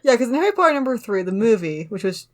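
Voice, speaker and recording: A woman with a somewhat high voice talks through a movie review on a podcast. She keeps it casual and sarcastic, laughing as she mocks the scenes. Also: sing-song, fast. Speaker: podcast co-host.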